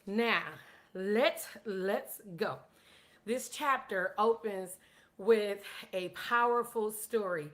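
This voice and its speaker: A woman's voice: medium pitch, very slow. A woman giving a casual storytelling lesson on money, chatty and self-deprecating, often repeating words. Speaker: teacher of a personal finance course.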